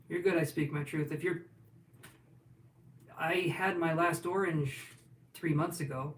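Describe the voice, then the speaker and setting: A man's voice: fairly high pitch, fairly even intonation, a little slow, long pauses, recorded from a distance. A man reading tarot cards on a casual livestream, chatting and joking as he answers viewers' questions. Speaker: tarot reader. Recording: roomy sound from off-mic, faint room noise.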